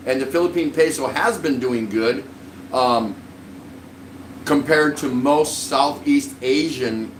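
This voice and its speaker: A man's voice: mid-range voice, far from the mic, slight background noise. Chatty man live-streaming in an echoey room. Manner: friendly, rambling, greets viewers by name. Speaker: livestream vlog host. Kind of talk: casual live-stream chat.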